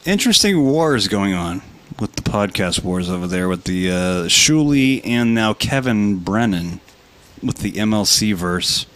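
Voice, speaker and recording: Lively, bright-voiced man joking around. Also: fairly low pitch, measured pace. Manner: swearing, laughing, playful put-on voices. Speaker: podcast co-host. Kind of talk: casual live podcast banter.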